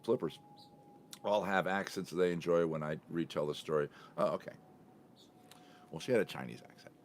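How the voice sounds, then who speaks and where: A man's voice: sits low, moderate pace, a little hiss or hum. A man hosting his own podcast, telling a casual story in a chatty, rambling way and often correcting himself mid-sentence. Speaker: podcast host.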